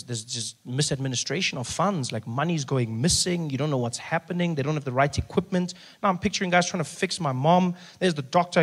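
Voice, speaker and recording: A man telling a stand-up story, acting out other voices and rising to shouts. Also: medium pitch, breathy edge. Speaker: stand-up comedian.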